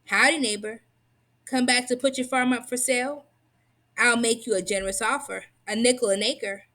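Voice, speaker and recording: A woman's voice: fairly high pitch, steady tone, normal speed, bright, forceful tone. A woman voicing a scheming, greedy male farmer neighbor who talks in a sly, folksy, taunting way in a storybook reading.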